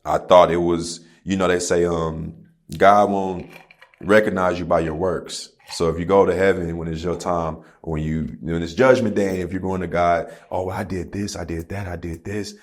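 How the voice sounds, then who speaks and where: A man in his thirties with a very low, deep voice tells a personal story as a podcast guest. He talks loosely and candidly, dropping slang and the odd curse word. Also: fairly even intonation, moderate pace. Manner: candid, profane storytelling with slang like "bro" and "you feel me". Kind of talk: casual conversation.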